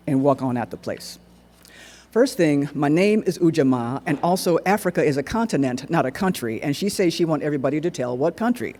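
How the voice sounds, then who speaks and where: Man, stage monologue performer, animated dialect storytelling, husky voice, echoey hall recording. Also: fairly high pitch, brisk. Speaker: solo performer.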